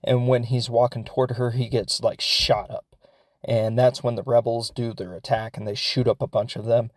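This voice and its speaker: A man's voice: medium pitch, flat delivery, normal speed, no room sound. A man hosting a podcast, recapping a film in a casual, rambling way, with lots of fillers and laughs as he goes. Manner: rambling and chatty, many fillers; laughs as he talks. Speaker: podcast host.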